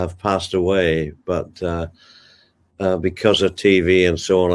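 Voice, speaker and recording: An older man with a broad Ballymena Northern Irish accent recalls his younger days in a relaxed interview. His voice sits very low and deep. He tells it as a fond storyteller, with homely asides. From Ballymena, Northern Ireland. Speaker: guest, television broadcaster.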